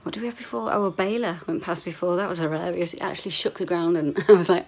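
A woman's voice: fairly low pitch, sing-song, fast talker, creaky, hardly any pauses, darkish tone, a little hiss or hum. A woman, rambling candidly in a chatty video diary, sometimes swearing. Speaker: vlogger.

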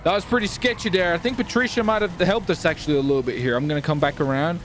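A young man streaming improvised game role-play, excitable and panicky, who often swears. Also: fairly high pitch, quick pace, a little hiss or hum.

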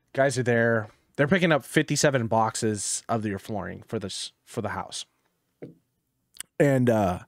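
A young man co-hosting a podcast, telling work stories in casual chat, animated, laughing often and swearing freely. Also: fairly low pitch, no room sound, clean studio sound. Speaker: podcast co-host.

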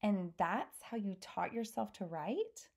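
A woman voicing a curious, brave young girl in a storybook reading, pitched above her own voice. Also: animated, slow pace, vocal fry, darkish tone, heavily acted. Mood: eager. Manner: eager questions, higher than the reader's own voice.

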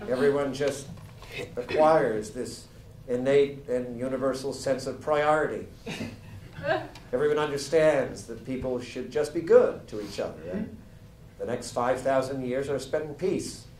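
A man's voice: medium pitch, unhurried, a little mellow. A man giving an impassioned comic reading of an essay, building to rants before a live audience. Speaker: reader at a live book reading. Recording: echoey room, mic from far off, audience noise.

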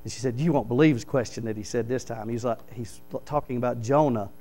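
A man, a pastor preaching a sermon in church, reading scripture aloud and explaining it with animated stories. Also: medium pitch, fast talker, faint music behind, low-quality recording. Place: church sanctuary.

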